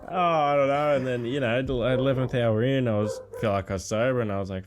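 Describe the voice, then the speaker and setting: A man's voice: mid-range voice, quick pace, background noise. A man talking as a podcast guest in a laid-back, rambling way, swearing a lot. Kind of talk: casual chat.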